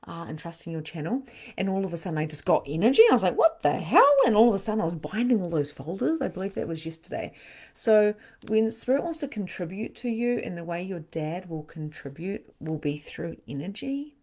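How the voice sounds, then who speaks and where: A middle-aged woman hosting a live-stream card reading as a spiritual medium, often dropping into a soft whisper. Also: lowish voice, animated, fairly quick.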